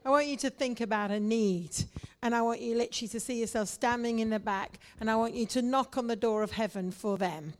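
A woman's voice: fairly high pitch, brisk. A woman leading a congregation in prayer, fervent and exhorting, at times speaking in tongues. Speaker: prayer leader.

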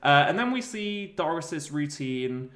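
A man's voice: on the high side, animated, measured pace, fairly bright tone. A man co-hosting a comedy podcast, rambling through a made-up film plot with frequent laughter. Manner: rambling storyteller, laughs often. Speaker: podcast co-host. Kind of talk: casual comedic chat.

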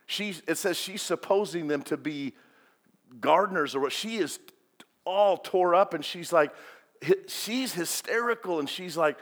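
A man preaching a sermon as pastor, swinging between loud and hushed delivery. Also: on the high side, a little slow. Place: church sanctuary. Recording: long reverb of a large hall.

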